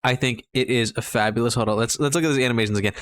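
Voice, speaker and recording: A young man talks through a mobile game release while sick, excited and rambling, tripping over his words. His voice sits at an ordinary middle pitch. It is casual commentary recorded at a desk mic. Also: very fast, slight background noise. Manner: enthusiastic, rambling with fillers and restarts. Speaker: mobile game content creator.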